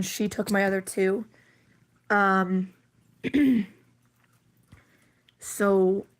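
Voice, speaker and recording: A woman's voice: mid-range voice, vocal fry. A woman chatting casually on a livestream, rambling and wry with plenty of fillers, while coming down with a cold.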